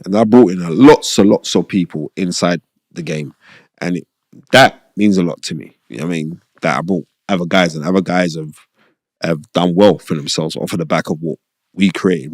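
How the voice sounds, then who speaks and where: A middle-aged man with a British accent spins stories as an interview guest, his voice sitting low and recorded dry with no room around it. He is animated and slips into raised, lively voices when he quotes other people. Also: no echo. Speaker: boxing promoter and pundit, guest. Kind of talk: casual storytelling interview.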